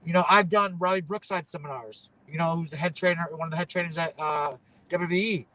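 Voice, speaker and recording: A man's voice: fairly high pitch, a little fast, bright, forceful tone, poor audio. A young man, a pro wrestler, chatting in an interview, rambling and tagging "you know what I'm saying" onto his thoughts. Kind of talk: casual interview chat.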